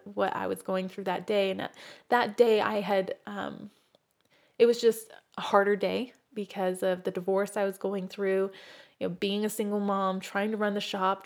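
A middle-aged woman who owns a crystal shop, talking earnestly and from the heart about healing stones and her own life. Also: medium pitch. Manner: warm, earnest, heartfelt storytelling.

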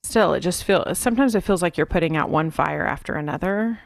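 A woman's voice: lowish voice, brisk, vocal fry, no room sound, clean studio sound. A woman from Texas, co-hosting a parenting podcast in a chatty, rambling way. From Texas, USA. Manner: chatty, rambling, frank about tiredness. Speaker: podcast co-host. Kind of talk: casual parenting podcast chat.

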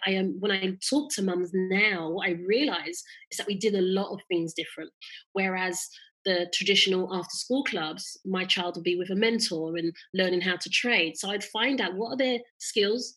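A middle-aged woman, a guest in a casual interview, telling her story in an animated way and often laughing. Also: mid-range voice, slightly rough, poor audio. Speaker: interview guest, mother of three.

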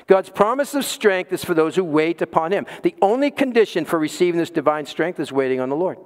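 A man preaching a sermon as pastor, emphatic, with dramatic pauses and repeated words. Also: fairly high pitch, big pitch swings, big-room sound.

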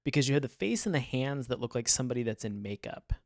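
A man co-hosting a podcast in casual chat, rambling and animated, laughing often. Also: mid-range voice, fast, dry recording, clean studio sound. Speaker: podcast co-host.

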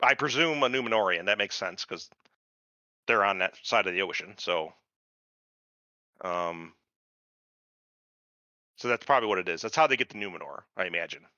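In casual podcast chat, a low-pitched male co-host rants with profanity and laughter, staying animated throughout. He speaks at a normal speed with long pauses, and the audio is dull with no room sound.

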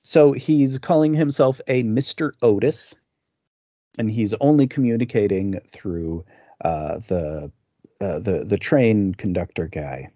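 A man co-hosting a casual film podcast, rambling through the plot with fillers and restarts. His voice is mellow and dark. It is recorded dry and a little dull, like a lo-fi home setup. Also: lowish voice, slow, dry recording. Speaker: podcast co-host.

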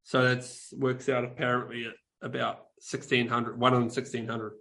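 Kiwi guy rambling thru a story, lots of ums and restarts, mid pitch voice. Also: flat delivery, moderate pace, a bit bright. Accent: New Zealand. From New Zealand. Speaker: podcast co-host. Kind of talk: casual chat.

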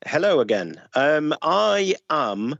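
A man's voice: a little high, big pitch swings, takes it slowly, creaky, a bit bright, no room sound, highs cut off. A man co-hosting a casual podcast, joking and teasing the others. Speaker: podcast co-host. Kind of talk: casual chat.

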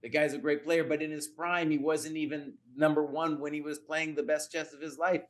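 Animated, emphatic man co-hosting. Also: a little high, a little fast. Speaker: podcast co-host. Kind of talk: casual chat.

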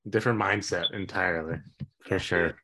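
Male podcast host, easygoing, bright and forceful tone. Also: low-pitched, steady tone, moderate pace. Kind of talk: interview sign-off.

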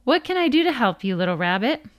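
A woman voicing a huge, vain male whale with a booming, self-important manner in a storybook reading. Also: big pitch swings, fast, no room sound, clean studio sound. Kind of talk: storybook read-aloud.

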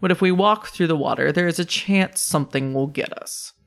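A man's voice: fairly high pitch, brisk, vocal fry, fairly bright tone. A man running a tabletop game as game master, speaking casually, laughing often and swearing now and then.

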